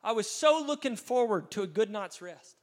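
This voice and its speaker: A man's voice: high-pitched, lively intonation, moderate pace. A man, a pastor telling an earnest, dramatic testimony in a sermon, with frequent restarts. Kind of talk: storytelling sermon.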